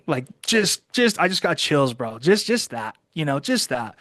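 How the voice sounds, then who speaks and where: A man's voice: mid-range voice, expressive, a little slow, a bit bright, no room sound, studio quality. A man in his thirties, a guest in a casual interview, enthusiastic and stumbling, saying "bro" and "dude" often. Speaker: interview guest, social media creator.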